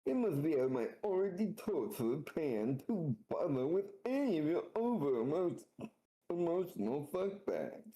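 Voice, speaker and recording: A man's voice: fairly high pitch, warm tone, voice pushed up, heavily acted, poor audio. A man voicing a surly male ghost sprite with a lisp, sneering and insulting.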